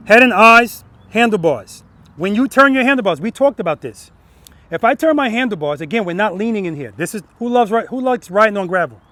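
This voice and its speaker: A man with a high, expressive voice and a sharp tone talks fast while instructing a group of riders on an outdoor practice lot. As their riding instructor, he quizzes the group and caps his points with "right?".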